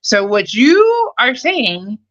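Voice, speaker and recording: A woman's voice: a little high, very animated, slow, fairly bright tone. Sassy, blunt woman on lo-fi audio. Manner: sassy, blunt, swears freely. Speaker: caller on a live stream. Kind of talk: heated casual debate. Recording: dull lo-fi audio.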